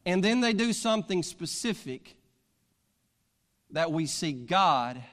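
A man's voice: high voice, sing-song, slow, fairly bright tone. A male preacher, delivering a sermon, reading scripture aloud and building to fervent preaching. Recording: long hall reverb.

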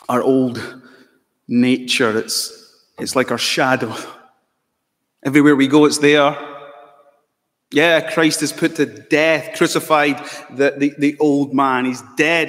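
A man's voice: medium pitch, a bit bright. A man preaching a sermon as pastor, earnest, asking the congregation pointed rhetorical questions. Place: church. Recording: long church reverb.

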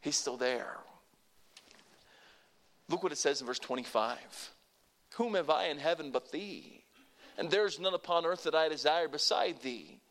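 An older man preaching a sermon, emphatic, swinging between hushed and loud passages and calling on listeners to repeat phrases after him. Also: on the high side, animated, unhurried, pauses often. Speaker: pastor.

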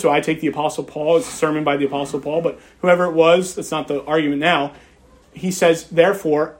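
High-voiced emphatic male preacher. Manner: emphatic, repeats key phrases, reads scripture aloud. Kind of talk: expository sermon.

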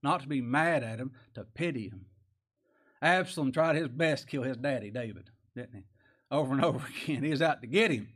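A man's voice: mid-range voice, brisk, a bit bright. A man preaching a sermon in a folksy, conversational way, asking rhetorical questions and chuckling as he goes. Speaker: pastor.

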